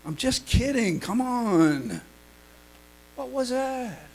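A pastor preaching a fervent sermon, filling pauses with "uh" and swinging between loud cries and hushed storytelling. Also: male voice, extremely high pitch, sing-song, rough recording.

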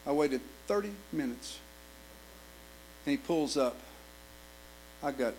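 A middle-aged man preaching a sermon, telling a story with animated swings between hushed and loud delivery. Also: medium pitch, slow pace, slight background noise, rough recording.

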